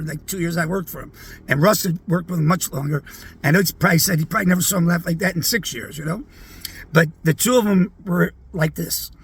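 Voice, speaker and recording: A middle-aged man telling a personal anecdote in a casual, animated way, acting out the voices of the people in his story. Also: fairly high pitch, a little hiss or hum. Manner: animated, acts out quoted voices.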